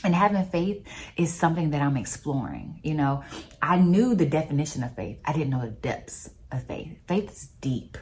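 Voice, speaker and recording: A woman talking casually about faith, telling personal stories in an animated, conversational way. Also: deep voice, normal speed, a little hiss or hum. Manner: animated storyteller, expressive and conversational. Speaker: vlogger.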